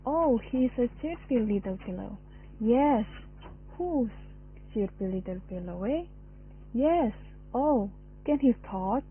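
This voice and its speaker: A woman putting on a doting adult who coos baby talk in a high, sing-song way. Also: animated, slow pace, long pauses, a little hiss or hum. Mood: cooing. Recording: phone-like narrow sound.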